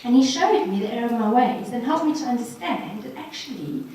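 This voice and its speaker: A woman's voice: on the high side, lively intonation, a little fast, darkish tone, a little hiss or hum. Woman speaking earnestly in an echoey hall. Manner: earnest, encouraging, addresses audience directly. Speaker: guest speaker. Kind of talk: personal testimony talk. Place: hall at a ladies' social evening. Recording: echoey room from far off.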